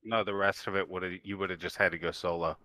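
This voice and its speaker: A man's voice: low-pitched, steady tone, brisk, bright, forceful tone, dry recording. A man co-hosting a wrestling podcast in casual chat, matter-of-fact and brief. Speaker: podcast co-host.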